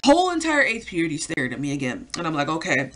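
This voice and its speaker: A woman's voice: low-pitched, huge pitch swings, fast talker, a bit bright. A young woman telling a story to camera in a casual, rambling way, full of fillers and swearing. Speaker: vlogger.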